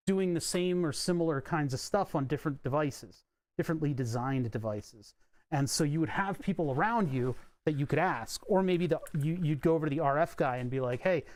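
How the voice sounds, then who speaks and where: A man's voice: fairly high pitch, a little hiss or hum. A man chatting casually on a live stream while he tinkers with electronics at his workbench, rambling and wry, with the odd swear. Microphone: desk microphone.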